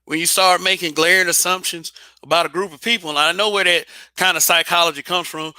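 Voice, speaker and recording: A man's voice: sits high, fairly even intonation, fairly quick, hardly any pauses, sharp tone, clean tone, no echo. A man hosting his own channel, talking bluntly and casually with profanity and frequent restarts. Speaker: channel host. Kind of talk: casual opinion monologue.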